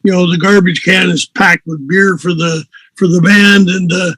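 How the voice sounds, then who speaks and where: A man's voice: high voice, fairly even intonation, moderate pace, fairly bright tone, no room sound, rough recording. An older man, a musician and host, telling a story in a rambling, chuckling way with many fillers. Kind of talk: casual storytelling.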